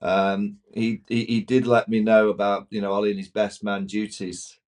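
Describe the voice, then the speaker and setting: A man from England chats casually as a podcast guest, often stammering and restarting. His voice sits a little low. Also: little pitch movement, moderate pace, a little mellow. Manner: hesitant, stammering, chatty. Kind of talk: casual chat.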